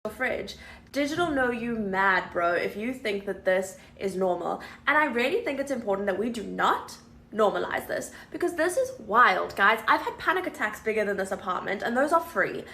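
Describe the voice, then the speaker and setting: A woman's voice: mid-range voice, expressive, moderate pace, bright, forceful tone. A woman doing a social media rant in an exasperated, joking way. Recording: echoey room.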